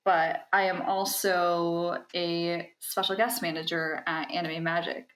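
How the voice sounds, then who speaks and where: A young woman speaks in a casual interview, enthusiastic and chatty, with frequent ums. Her voice sits low and unhurried. The recording has a roomy, echoey sound. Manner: animated and enthusiastic, with filler ums. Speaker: podcast guest, convention talent handler.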